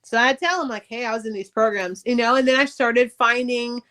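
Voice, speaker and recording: A middle-aged woman speaks with a slightly high-pitched voice. She recounts her past in a blunt, profane, animated way and acts out each exchange. It sounds like casual talk on a podcast. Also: a little fast. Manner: candid, profane, animated retelling. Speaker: podcast guest, author. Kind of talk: casual storytelling interview.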